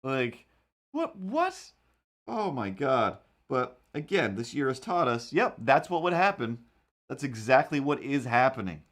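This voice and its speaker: A man hosting a livestream, chatting casually while he draws and telling rambling, animated stories with quick put-on voices. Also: medium pitch. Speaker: livestream host. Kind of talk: casual chat while drawing.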